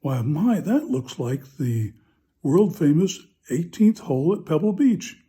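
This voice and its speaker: A priest voicing a fussy older husband and golfer who has just arrived in heaven, with a fretful, grumbling manner, while telling a joke in a homily. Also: male voice, on the high side, lively intonation, unhurried, mellow, slightly rough.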